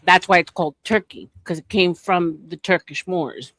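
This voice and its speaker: A woman's voice: on the low side, moderate pace, fairly bright tone. A woman hosting a casual livestream, rambling with lots of fillers and laughing often. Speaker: livestream podcast host.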